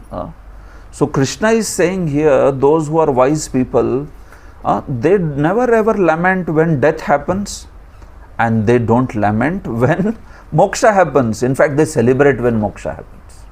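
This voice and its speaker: A man's voice: medium pitch, expressive, moderate pace, darkish tone. A man with an Indian accent teaching a scripture class, lecturing and asking his students questions, with chuckling asides.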